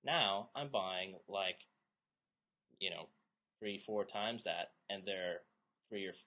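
A man's voice: low voice, takes it slowly, bright, forceful tone. A man in his thirties co-hosting a casual podcast, rambling and joking, now and then slipping into silly voices. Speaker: podcast co-host.

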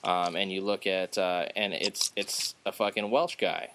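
A man's voice: low-pitched, little pitch movement, measured pace, fairly bright tone, slight background noise. A man talking in a rambling, filler-heavy way, swearing a lot, as he chats casually on a podcast. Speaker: podcast co-host. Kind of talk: casual chat.

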